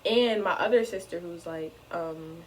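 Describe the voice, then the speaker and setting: A young adult woman vlogger telling a funny personal story in an animated way, often saying "like". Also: fairly low pitch, unhurried, slight background noise, low-quality recording. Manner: animated, fills speech with "like". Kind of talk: casual storytime.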